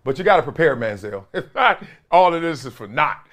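A man with a fairly high, very lively voice, swinging up and down as he tells stories. He laughs a lot and acts out quotes in a louder, higher voice. His manner is loose and conversational. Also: brisk. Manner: animated, laughing often, acting out quotes in a high voice. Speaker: former NFL player and podcast host. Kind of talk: casual storytelling chat.

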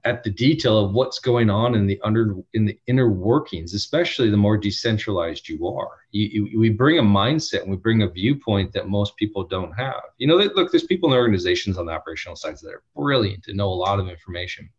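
Husky low-voiced man, earnest interview guest. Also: lively intonation, brisk, few pauses. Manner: earnest, emphatic, many restarts. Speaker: internal audit executive, podcast guest. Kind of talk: interview answers. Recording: dull lo-fi sound.

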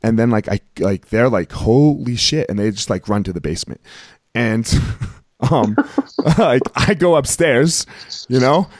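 A man hosting a podcast, telling a story in a rambling, excitable way full of filler words and restarts. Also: mid-range voice, a little slow, no echo. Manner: excitable, emphatic. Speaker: podcast host. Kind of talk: casual storytelling chat.

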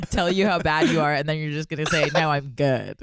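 A woman co-hosting a podcast in casual chat, jokey and quick to laugh. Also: sits low, no echo, clean studio sound. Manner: giggly, jokey, slips into silly voices.

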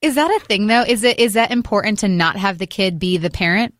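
Woman host, quick and chatty, dry close mic. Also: mid-range voice, animated, fairly bright tone, no room sound. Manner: chatty, asks questions, a bit exasperated. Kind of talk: casual chat.

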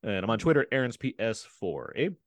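A young man co-hosts a casual movie podcast and laughs often. He talks quickly and his pitch jumps around a lot. The sound is close and dry. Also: sing-song, dry recording. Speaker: podcast co-host. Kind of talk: casual chat and show sign-off.

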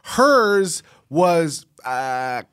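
Brief: man co-host, dry sarcasm, animated pitch, close dry mic. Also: drawn-out words, smooth, dry recording. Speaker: podcast co-host. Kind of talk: casual banter.

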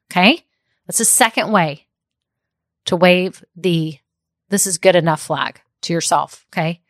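A woman's voice: on the low side, a little slow, dry recording, studio quality. Upbeat, emphatic woman business coach. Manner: emphatic and upbeat, repeats key phrases, checks in with "okay?". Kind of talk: motivational direct-to-listener talk.

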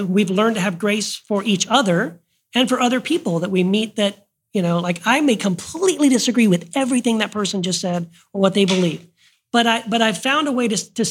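A woman with a slightly breathy, husky voice talks earnestly as a podcast host. She keeps the chat casual and often restarts her sentences. Her pitch sits in a middle range for a woman. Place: live podcast recording before an audience.

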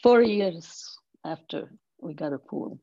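A woman in her eighties, an interview guest telling stories slowly and thoughtfully, laughing softly now and then. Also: lowish voice, lively intonation, vocal fry, no echo, muffled recording. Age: 80s. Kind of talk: storytelling in conversation.

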